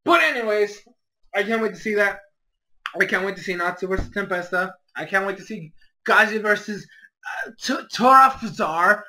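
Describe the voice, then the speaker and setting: A man giving a casual, profane anime episode review, excitable and swinging loud and high when exasperated. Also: moderate pace, rough recording. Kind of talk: casual solo review rant.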